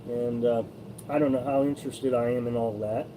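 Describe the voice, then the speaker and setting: A man's voice: mid-range voice, fairly even intonation, moderate pace, background noise. A man from Missouri hosting a casual live stream about RV life, answering viewer comments in a rambling, opinionated way with many restarts. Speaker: host of a live-streamed RV living channel.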